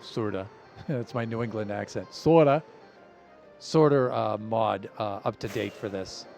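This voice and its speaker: A man streaming a game live, talking in an easygoing, rambling way with lots of fillers and soft chuckles. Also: mid-range voice.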